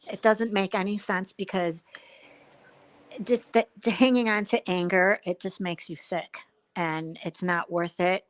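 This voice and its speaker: A woman's voice: fairly low pitch, low-quality recording. Chatty woman retelling online drama. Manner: chatty storyteller, retells conversations with quoted voices. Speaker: livestream host. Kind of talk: casual chat on a live stream.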